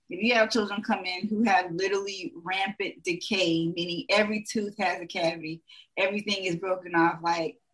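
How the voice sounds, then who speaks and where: A woman's voice: medium pitch, a bit bright, low-quality recording. A young adult woman, a dentist, talking frankly in a casual podcast chat, full of "like" and "you know".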